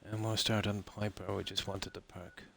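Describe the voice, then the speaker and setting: An Irish man streaming a game live, chatting casually in a rambling way with many pauses and restarts. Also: fairly low pitch, little pitch movement, gravelly, a bit bright, slight background noise. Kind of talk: casual live-stream chat while gaming.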